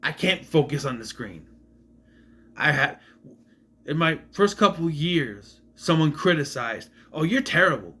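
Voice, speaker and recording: Lively bright-voiced man reviewing a movie. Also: on the high side, measured pace, long pauses, slightly rough. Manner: rambling, restarts sentences, blunt and profane. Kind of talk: casual film review to camera.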